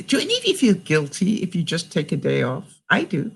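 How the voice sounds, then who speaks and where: A woman's voice: fairly low pitch, wildly swooping pitch, brisk, gravelly, hardly any pauses, fairly bright tone, husky. Older canadian lady vlogging, chatty, laughs a lot, voice bounces up and down. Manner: chatty storyteller who laughs often between sentences; reads out sayings and quotes. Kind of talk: casual chat to viewers.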